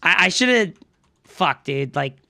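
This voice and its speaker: A young man streaming a strategy game live, commenting on his play with excitable, profane outbursts and talking to his chat. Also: on the high side, slow pace, creaky. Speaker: streamer and coach.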